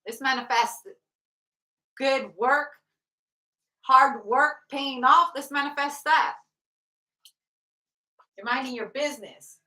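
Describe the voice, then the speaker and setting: Reading tarot in a casual, blunt way, this woman swears freely and keeps bursting into laughter. Her voice is high, slow, pushed and bright, with frequent pauses. She sits away from the mic, so the sound is roomy.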